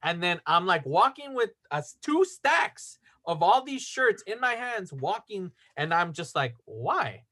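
Young male podcast host, higher voice, animated casual storyteller who swears a lot. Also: measured pace, few pauses, no echo. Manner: animated, swearing, acts out quotes.

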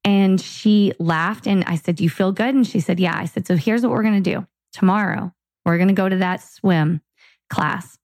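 Speaking at a normal pace and medium pitch, a woman recounts a family tale while co-hosting a podcast. The recording is dry, and she's a lively storyteller who performs each line of dialogue in a casual, chatty way.

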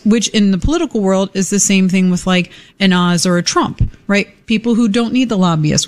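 A woman's voice: medium pitch, fairly quick, hardly any pauses, darkish tone. A woman co-hosting talk radio, speaking emphatically and with exasperation in an opinionated chat.

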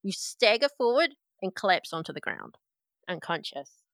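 A woman narrating a tabletop role-playing game as game master, in a lively descriptive way. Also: on the low side, moderate pace, creaky, no echo.

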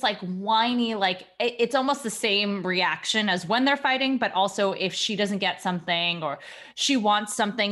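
A woman's voice: medium pitch, fairly bright tone. A mother candidly asking for advice, talking in a rambling way with many "like"s. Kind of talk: casual chat.

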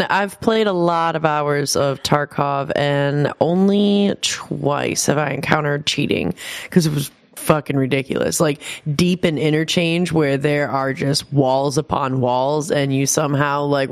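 A man co-hosting a casual gaming podcast, animated and swearing freely. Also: a little high, smooth. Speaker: podcast co-host.

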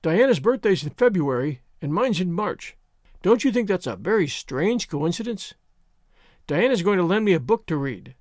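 A man's voice: sits high, no echo, studio quality. A man voicing a chatty, imaginative orphan girl of about eleven who gushes with enthusiasm. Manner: gushing, breathless enthusiasm.

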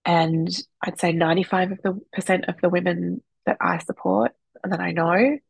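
Woman, 30s, breastfeeding supporter; blunt, lively, swears; slightly husky, lower voice. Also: normal speed, dry recording, poor audio. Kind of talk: candid advice talk.

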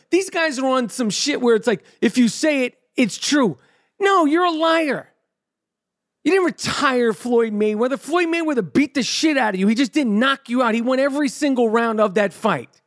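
High-voiced man in a heated rant. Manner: blunt, heated, heavy swearing. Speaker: podcast host. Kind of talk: profane ranting monologue.

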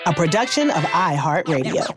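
A woman's voice: fairly low pitch, very animated, normal speed, music in the background. A woman co-hosting a podcast in playful casual chat, teasing and drawling endearments. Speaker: podcast co-host.

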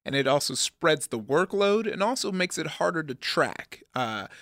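A man's voice: on the high side, big pitch swings, moderate pace, a bit bright, no echo, clean studio sound. Rambling, jokey male podcast co-host. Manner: rambling and jokey, with frequent restarts. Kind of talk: casual chat.

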